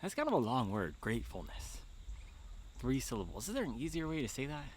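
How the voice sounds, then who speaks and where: A man talking casually to camera on a long outdoor run, animated and laughing often, a bit out of breath. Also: mid-range voice, fairly quick, slight background noise. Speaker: running vlogger. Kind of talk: casual vlog talk.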